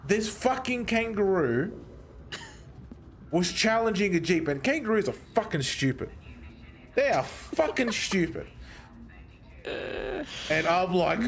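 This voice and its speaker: A man's voice: sits high, takes it slowly, long pauses, faint music behind. Sweary man telling a story. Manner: animated, heavy swearing. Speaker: streamer. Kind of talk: casual storytelling.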